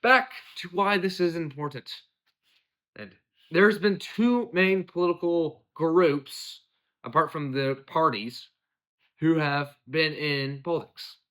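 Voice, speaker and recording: A man's voice: a little high, slow pace, a bit bright. A young American man hosting a casual political commentary show, rambling and drifting off on tangents. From United States. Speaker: podcast host.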